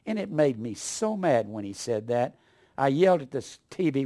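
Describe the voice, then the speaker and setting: An older man preaching a fiery sermon, scornful and ranting, swinging from low mutters to loud outbursts. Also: very animated, normal speed.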